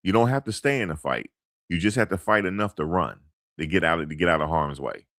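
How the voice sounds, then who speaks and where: A middle-aged man with a very deep voice tells a personal story in a loose, rambling way. He leans on street slang, fillers and false starts. The sound is dry and close. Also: animated, fast talker, fairly bright tone, dry recording. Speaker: commentator. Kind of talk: casual storytelling monologue.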